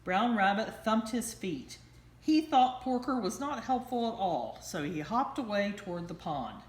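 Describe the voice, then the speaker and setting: A woman teacher reading a bedtime story aloud in a slow, expressive storytelling manner. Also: medium pitch. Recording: roomy echo.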